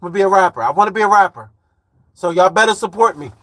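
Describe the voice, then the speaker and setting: Fast and animated, a Chicago man in his forties who drives trucks and livestreams rattles through viewer comments in rambling slang. His high voice is bright and forceful, recorded with no room sound.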